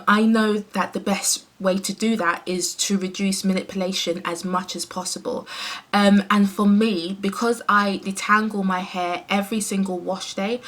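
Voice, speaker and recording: A woman's voice: medium pitch, a bit bright. A woman from the UK chatting casually while doing her hair, with many fillers and self-corrections. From United Kingdom. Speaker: hair vlogger. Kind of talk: casual rambling chat.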